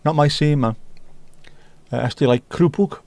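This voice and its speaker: A man's voice: a little high, normal speed, gravelly, a little mellow, no echo. Rambling middle-aged man, casual chat. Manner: rambling, chats while reading viewer comments aloud. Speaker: livestream host.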